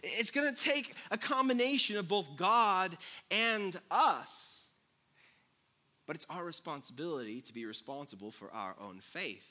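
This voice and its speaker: Bright-voiced pastor preaching. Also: male voice, high-pitched, lively intonation, a little slow. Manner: humorous, shifts between loud jokes and quiet earnest passages. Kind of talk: sermon.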